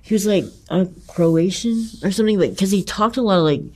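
A man recounting a personal ordeal in conversation, talking in an intense, profane and halting way, with many restarts and emphatic repetitions. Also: high voice. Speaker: interviewee.

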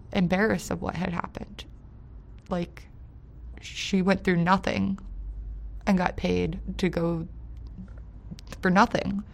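A woman recounting a personal story in an interview, halting and hesitant with many fillers, her voice dropping quiet on painful parts and rising with anger. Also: on the low side, creaky. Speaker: interview guest.

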